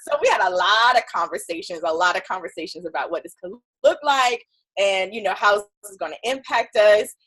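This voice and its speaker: A woman guest on an interview show, telling her story in a chatty, animated way and acting out what others said. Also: medium pitch, a little fast. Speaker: guest entrepreneur.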